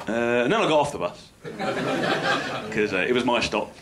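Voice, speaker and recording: A man with a London accent telling a story as a stand-up comedian, in a wry, conversational way with loud exclamations. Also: mid-range voice, expressive, a little slow, very noisy. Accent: London English.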